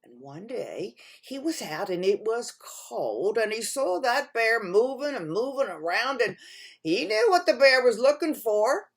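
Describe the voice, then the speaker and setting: A woman storyteller tells a folktale to children, animated and talking straight to her young listeners. Her voice is fairly high and very lively, with a husky, breathy grain. She swings from loud to hushed. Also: measured pace.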